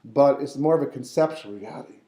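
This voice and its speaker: A man's voice: medium pitch, fairly quick, warm tone, echoey room. A man teaching a Torah class as a rabbi, talking animatedly and acting out the voices of figures in the story. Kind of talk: lively Torah class lecture.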